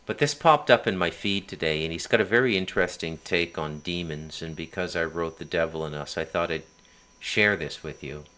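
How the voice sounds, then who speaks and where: A man's voice: low voice, normal speed, bright, forceful tone. A man hosting a casual political monologue, chatty and emphatic with many asides. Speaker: podcast host.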